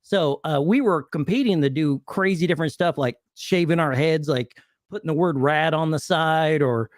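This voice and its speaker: A man in a casual chat stream, telling stories in a lively way and laughing between lines. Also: on the high side, normal speed, no room sound, studio quality. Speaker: co-host.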